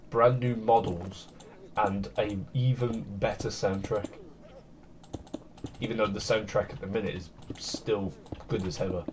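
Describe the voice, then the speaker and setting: A man's voice: on the low side, darkish tone, a little hiss or hum. A man streaming a building game, rambling along in easygoing, self-deprecating chat at his computer. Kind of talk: casual gameplay commentary.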